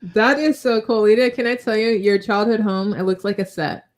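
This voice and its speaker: A woman's voice: medium pitch, fairly even intonation, moderate pace. Bubbly female co-host, chatty. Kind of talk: live online chat show.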